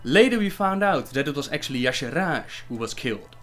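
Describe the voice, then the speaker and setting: A man on a casual livestream who reads viewer questions aloud and answers them in a chatty, relaxed way. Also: a little high, a little fast, noisy background. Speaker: gaming lore livestreamer.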